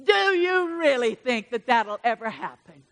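A preacher doing the devil as a sneering, contemptuous male accuser, low and hushed at first, then taunting with a bright, sharp edge. The voice drags out its insults before needling the listener with doubts. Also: sing-song, a little slow, big-room sound, exaggerated voice.

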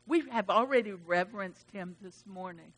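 A middle-aged woman pastor preaching a sermon with passion, her voice swelling loud and dropping low. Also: moderate pace.

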